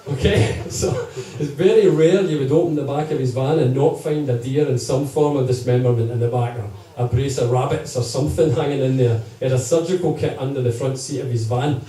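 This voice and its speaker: This is a man with a mellow, medium-pitched voice doing comic storytelling for a live audience at a gig. He's conversational and keeps checking in with listeners, and the recording has a distant mic and plenty of room echo.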